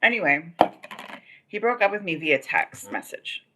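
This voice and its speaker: There's background noise as a woman with a voice on the low side speaks at a measured pace in a sing-song way. She hosts a casual Los Angeles-area livestream, rambling through a long personal story full of "like" and "um."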